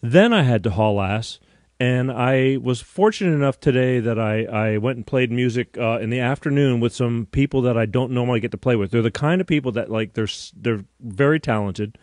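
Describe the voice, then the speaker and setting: A middle-aged man hosting a live call-in show, telling rambling, animated stories full of fillers and restarts. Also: mid-range voice, no echo, studio quality. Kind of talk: casual live-stream chat.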